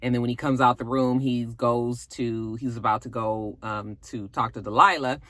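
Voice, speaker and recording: A woman's voice: a bass voice, steady tone, normal speed, a bit bright, no echo. A woman hosting a casual vlog, recapping a TV episode in a chatty way with plenty of asides. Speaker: vlog host reviewing a TV episode.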